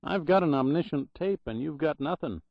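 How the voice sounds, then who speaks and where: A man's voice: on the high side, expressive, normal speed, dry recording, pitched above the performer's own voice. A man voicing a slangy, jaunty young records clerk in an audiobook, on a dull, dry recording. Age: young adult.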